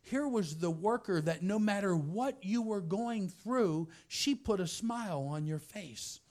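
A man preaching through a personal story, swinging from hushed softness to loud shouting. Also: sits high, expressive, unhurried. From United States. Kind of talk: storytelling sermon.

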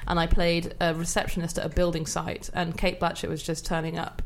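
A woman's voice: lowish voice, completely flat delivery, brisk. A woman with a Welsh accent co-hosting a comedy podcast, chatty, giggly and self-mocking. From Wales. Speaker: podcast co-host. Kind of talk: casual comedy chat.

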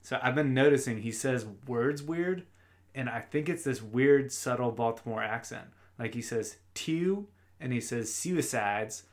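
A man's voice: medium pitch, normal speed. A man in his thirties co-hosting a podcast, playful and self-deprecating, often laughing. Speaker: podcast co-host. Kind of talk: casual podcast chat.

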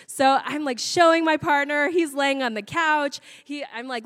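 Lively young woman telling a comic story. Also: high voice, moderate pace, hardly any pauses. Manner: animated, laughs often, swears casually. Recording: long hall reverb.

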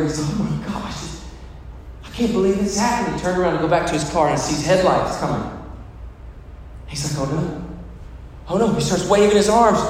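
A man preaching a sermon as a pastor, telling stories dramatically and acting out the voices of the people in them. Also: a little high. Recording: echoey hall, faint noise.

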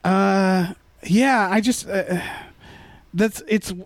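A man's voice: high-pitched, very slow, creaky, no room sound. A man co-hosting a casual movie-review chat, rambling with fillers and restarts. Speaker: podcast co-host.

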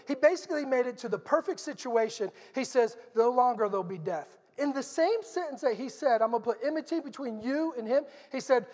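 A man's voice: extremely high pitch, darkish tone. Earnest preacher man in a reverberant hall. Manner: earnest, conversational storytelling. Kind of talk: sermon.

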